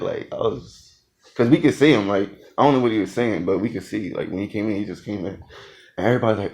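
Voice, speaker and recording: A man's voice: on the low side, a little fast, creaky. A young man, a former Marine, telling a boot camp story in a loose, laughing, slangy way. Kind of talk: casual storytelling vlog.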